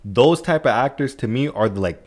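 A young man with a mid-range voice hosts a casual podcast chat. He sounds relaxed and enthusiastic and uses a lot of slang. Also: medium pitch, a little fast. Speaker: podcast host. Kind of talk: casual conversation.

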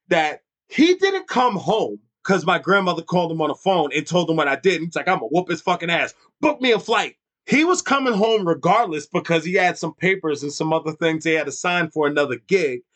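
A man's voice: fairly high pitch, a bit bright. A man in his thirties telling a funny childhood story in casual chat, swearing freely and laughing often. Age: 30s.

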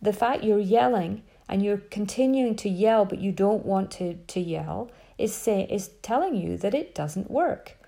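A woman's voice: mid-range voice, expressive, unhurried, creaky, few pauses, warm tone. A woman hosting a parenting podcast, giving earnest, emphatic advice and often listing words in a row. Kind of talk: advice talk.

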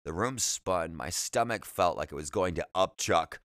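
A man narrating his childhood memoir in a plain, unhurried storytelling manner. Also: deep voice, animated, fairly bright tone, dry recording, studio quality. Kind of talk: reading a memoir aloud.

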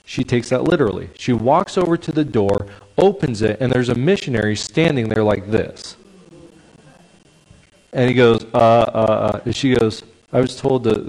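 A man preaching a sermon in a lively, conversational way, checking in with the congregation. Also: mid-range voice, poor audio. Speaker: pastor.

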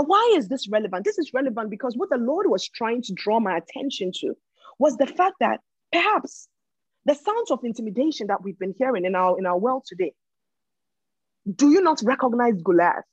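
A woman's voice: a little high, breathy edge, dry recording. A woman preaching a sermon who repeats her phrases for emphasis. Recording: dull lo-fi recording.

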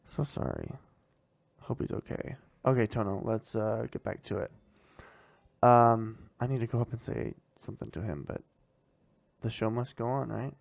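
Casting note: a mother questioning her kid, very low pitch, a bit of vocal fry, mellow tone, laughs easily. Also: moderate pace, dry recording. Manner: chatty, encouraging, laughs often. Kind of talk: casual family interview.

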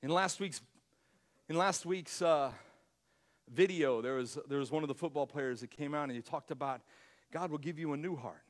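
A man preaching a sermon as pastor, emphatic, repeating his words and swinging between loud and quiet. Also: a little high, normal speed.

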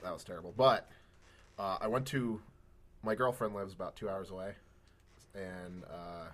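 A man's voice: low-pitched, fairly even intonation, normal speed, a bit bright, slight background noise. A man on a podcast telling a rambling story, laughing often and acting out other people's lines. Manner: rambling, laughs often, acts out quoted voices. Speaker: podcast co-host. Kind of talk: casual storytelling chat.

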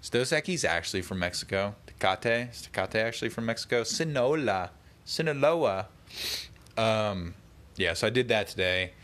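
A man's voice: lowish voice, a little fast, a bit bright. A man vlogging a casual late-night monologue at home, rambling through tangents and mockingly quoting other people. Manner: rambling, tangent-prone, mock-quotes people.

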